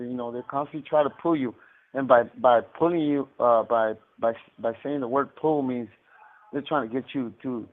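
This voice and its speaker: A man on a prison phone call, casually telling a story, halting and repeating words, with an occasional laugh. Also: mid-range voice. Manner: laughs now and then while telling. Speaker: incarcerated caller telling a story. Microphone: phone handset. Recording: tinny prison phone line.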